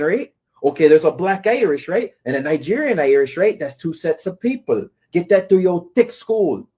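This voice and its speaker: A man's voice: sits high, darkish tone, slightly rough. A man ranting at his critics, scolding and taunting them and often asking "right?". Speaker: commentator. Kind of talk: confrontational rant to camera.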